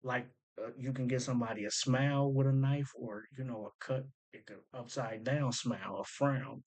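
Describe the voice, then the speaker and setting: A man's voice: mid-range voice, fairly even intonation, moderate pace, a little mellow. Laid-back man musing over rap lyrics. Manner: thinks aloud, repeats lines back, slangy and loose. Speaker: host breaking down rap lyrics. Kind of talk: casual commentary.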